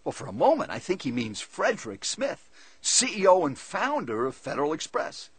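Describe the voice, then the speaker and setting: A man telling a first-person story to an audience in a lively, conversational way. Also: on the high side, normal speed, breathy edge, no room sound. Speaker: seminar speaker.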